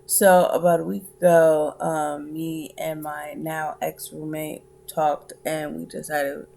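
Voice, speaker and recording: A tired young woman vlogging in casual chat, halting with many fillers and restarts. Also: sits low, level tone, vocal fry, dark tone.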